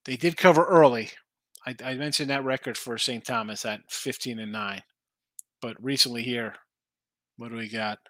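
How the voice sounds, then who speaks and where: A man's voice: mid-range voice, normal speed, fairly bright tone, no room sound. A man hosting a late-night sports betting stream, rambling casually as he thinks aloud over the lines and answers viewers. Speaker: sports betting show host. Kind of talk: casual live-stream chat reading viewer picks.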